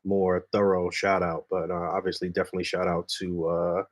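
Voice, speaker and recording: A man hosts a podcast and talks in an easy, laid-back way. He swears freely and trails off with fillers. His voice sits a little low. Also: little pitch movement, a little fast. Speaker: podcast host. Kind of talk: casual chat.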